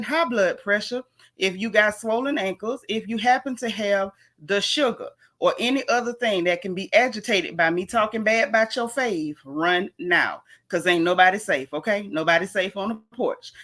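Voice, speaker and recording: A woman from Florida, hosting a casual livestream and talking fast and sassily to her viewers. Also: mid-range voice, fairly bright tone. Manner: fast, sassy, talks straight to viewers. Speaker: livestream host.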